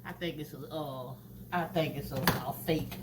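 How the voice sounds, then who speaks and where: A young woman in braces chatting casually to her viewers while she cooks at home, talking straight to them with drawn-out asides. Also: deep voice, fairly even intonation, heavy background noise. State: wearing new braces, teeth clanging. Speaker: vlogger. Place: home kitchen. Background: food sizzling in a pan.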